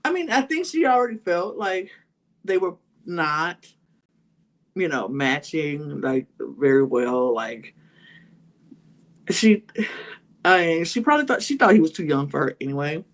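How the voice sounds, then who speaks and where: A woman's voice: low voice, lively intonation, a little slow, pauses often. A woman hosting a podcast, casually recapping a reality show, full of "like" and "you know" and acting out what people said. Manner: chatty, full of "like" and "you know", acts out quotes. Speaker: podcast host.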